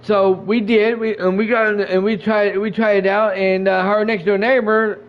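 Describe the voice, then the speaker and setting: A man's voice: sits high, little pitch movement, normal speed. A man hosting a podcast, telling a casual story full of restarts and repeated words. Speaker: podcast host. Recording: dull lo-fi stream audio.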